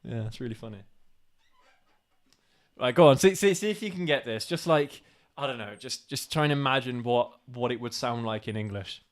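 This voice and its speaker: A man's voice: medium pitch, moderate pace. A man co-hosting a casual live stream, laughing often and coaxing his partner along.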